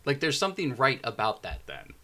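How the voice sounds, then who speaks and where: A man talking casually on a podcast, his voice mid-pitched and bright. He is easygoing and agreeable, adding short replies and his own points. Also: huge pitch swings, brisk. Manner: easygoing, agreeable, brief backchannels. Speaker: podcast co-host. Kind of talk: casual chat.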